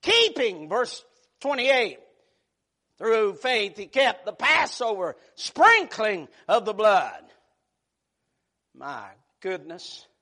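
A man preaching a sermon, moving between quiet, hushed storytelling and loud, shouted passages. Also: high voice, sing-song, drawn-out words, pauses often.

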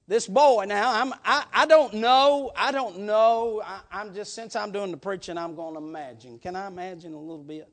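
A man preaching a storytelling sermon in a folksy way, repeating words as he builds up to shouts. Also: high voice, steady tone, moderate pace, hardly any pauses.

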